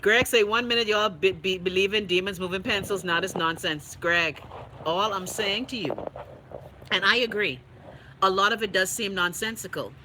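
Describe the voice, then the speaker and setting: A Bahamian woman hosting a livestream, chatting casually and reading viewer comments in a blunt, profane, animated way. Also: mid-range voice, moderate pace, a little hiss or hum, low-quality recording. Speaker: livestream host.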